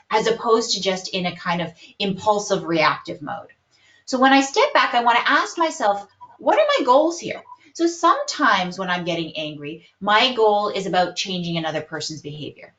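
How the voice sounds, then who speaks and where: A woman psychologist calmly explaining coping strategies in a webinar, hedging often with "kind of". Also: mid-range voice. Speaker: psychologist guest. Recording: roomy, dull lo-fi webinar audio.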